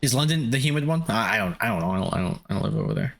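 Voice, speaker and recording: A man's voice: medium pitch, lively intonation, rapid-fire, vocal fry. A young man streaming a game, chatting casually with viewers, laid-back, swearing and laughing often. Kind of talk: casual gameplay chat with viewers.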